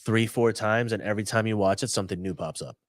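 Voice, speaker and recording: A young adult man co-hosting a casual podcast chat, rambling and animated as he retells scenes. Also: fairly low pitch, fast, no room sound, studio quality. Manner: rambling, animated retelling with loud acted-out quotes. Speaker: podcast co-host.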